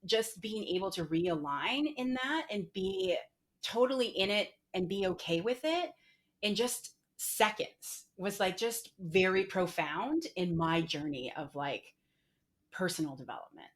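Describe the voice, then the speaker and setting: A woman's voice: mid-range voice, lively intonation, unhurried. A middle-aged woman, a podcast guest, candidly telling a personal story with many "like" fillers. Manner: frequent "like" fillers, emotional retelling.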